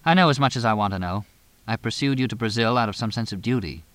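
A man's voice: fairly low pitch, fast, fairly bright tone, no room sound, natural voice. A man doing a guarded, weary woman. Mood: subdued. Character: weary middle-aged woman, composed and guarded.

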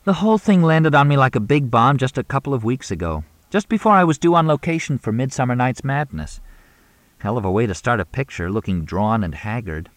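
A man voicing a glamorous female film star, brisk and put-upon. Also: medium pitch, expressive, no echo, pitched above the performer's own voice, natural voice. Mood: exasperated.

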